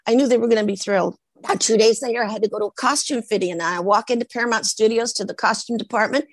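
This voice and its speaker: An older woman from Portland, a guest in an interview, telling a lively story and acting out the lines of the people in it. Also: fairly high pitch, dry recording. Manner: lively anecdotes with acted-out quotes.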